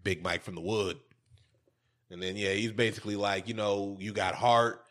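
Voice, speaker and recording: A man's voice: on the low side, steady tone, normal speed, fairly bright tone. Joking man in casual chat. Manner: joking, profane, acts out quoted lines. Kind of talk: casual chat recapping a film.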